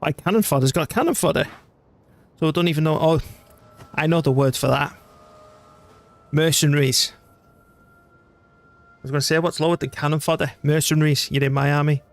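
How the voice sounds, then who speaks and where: A man's voice: a little high, normal speed, long pauses. A man from North West England with a northern English accent, giving chatty, slangy, swear-prone commentary while streaming a strategy game. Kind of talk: casual gameplay commentary.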